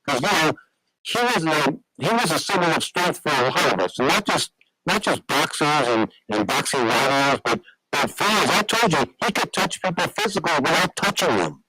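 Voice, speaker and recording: A man's voice: fairly high pitch, animated, normal speed, sharp tone, a little hiss or hum, poor audio. A man telling long stories as a guest on a radio talk show, rambling with many restarts.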